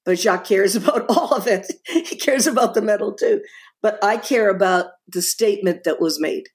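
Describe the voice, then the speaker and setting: A woman's voice: mid-range voice, moderate pace. A middle-aged woman, a guest author in a podcast interview, talking with passion and emphasis, often repeating words and restarting.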